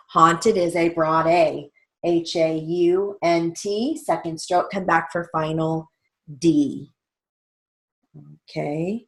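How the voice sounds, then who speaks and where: A woman with a lowish voice teaching a stenography theory lesson. She talks very slowly, dictating practice sentences one by one and spelling out each letter with deliberate patience.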